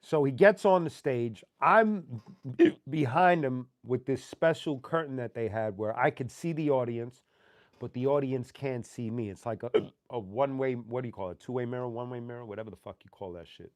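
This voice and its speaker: A man hosting a show, casually telling a profane, animated anecdote full of slang. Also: mid-range voice, normal speed, dry recording, clean studio sound. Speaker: host. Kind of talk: casual storytelling.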